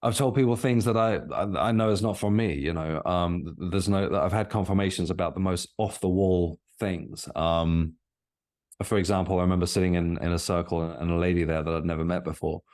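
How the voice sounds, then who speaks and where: Deep-voiced man, halting storytelling. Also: steady tone, a little mellow. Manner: hesitant, many restarts and fillers. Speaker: podcast guest. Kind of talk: conversational storytelling.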